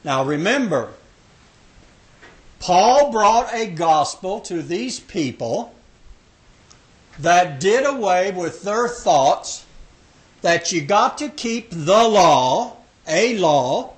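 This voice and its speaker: A man's voice: sits high, very animated, extremely slow, long pauses. An older man in his sixties leading a Bible study class, joking and emphatic as he asks questions. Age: 60s. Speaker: Sabbath school teacher.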